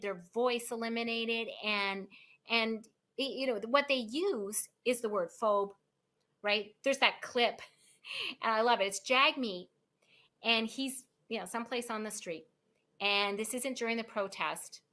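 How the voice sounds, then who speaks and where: A woman speaks as a guest lawyer in a relaxed interview. Her voice sits a little high and sounds bright and forceful. She talks with emphatic energy and lots of fillers. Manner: animated, emphatic, many fillers. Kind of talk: casual interview chat.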